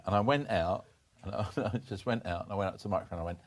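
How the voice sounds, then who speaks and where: A man's voice: low voice, rapid-fire, a little hiss or hum. Man telling comic anecdotes, laughing often. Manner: animated anecdote-telling, jumps into comic voices for quoted people; lots of restarts and laughter. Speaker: podcast guest, former performance poet. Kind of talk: casual storytelling chat.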